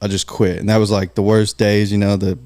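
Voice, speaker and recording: A man's voice: lowish voice, little pitch movement, brisk, mellow, no room sound, clean studio sound. A man as a podcast guest, telling a personal story in a loose, candid way with swearing and filler words. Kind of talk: casual storytelling.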